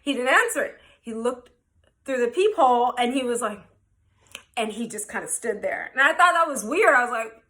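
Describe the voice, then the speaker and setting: High, bright-voiced woman vlogger. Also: moderate pace. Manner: animated, candid, swears and laughs freely. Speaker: vlogger telling a story. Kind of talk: casual storytime.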